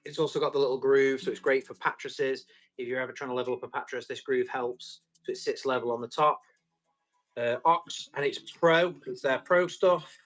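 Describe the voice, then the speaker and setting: A man's voice: medium pitch, steady tone, normal speed, fairly bright tone. A man running a live tool auction, chatty and jokey with viewers. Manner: chatty, jokey salesman patter.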